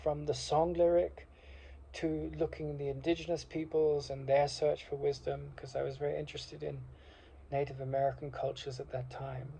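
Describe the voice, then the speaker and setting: Impassioned rambling man, mellow voice. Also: a little high, flat delivery, moderate pace, gravelly, husky. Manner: impassioned, rambling with many fillers. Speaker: speaker. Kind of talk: reflective monologue. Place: university degree course alumnus, speaking informally.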